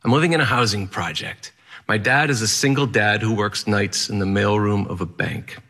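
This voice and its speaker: A man's voice: fairly low pitch, normal speed, fairly bright tone. A man telling a personal story in the first person, candid and wry, in a matter-of-fact manner.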